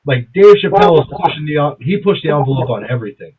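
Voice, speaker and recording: A man's voice: on the high side, animated, fast, a crowd in the background. A man co-hosting a casual podcast chat, rambling and swearing with enthusiasm. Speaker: podcast co-host. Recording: tinny phone-like sound.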